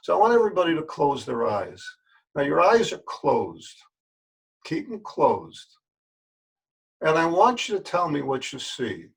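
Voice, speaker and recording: An older man with a gravelly, husky voice that sits fairly high for a man. He speaks to his listeners as a yoga teacher in a plain, folksy way. He is earnest and repeats words for emphasis. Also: big pitch swings, measured pace, long pauses. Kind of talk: spoken address to camera.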